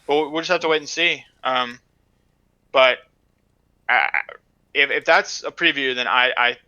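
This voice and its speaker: A man's voice: mid-range voice, moderate pace, sharp tone, smooth, no room sound, lo-fi sound. A man co-hosting a casual esports podcast, weighing in hesitantly with many fillers and often trailing off. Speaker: podcast co-host. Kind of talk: casual esports analysis chat.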